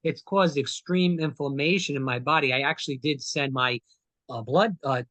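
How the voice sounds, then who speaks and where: Halting male podcast guest. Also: on the high side, fairly bright tone, no room sound. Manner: halting, many fillers and restarts. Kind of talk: casual interview talk.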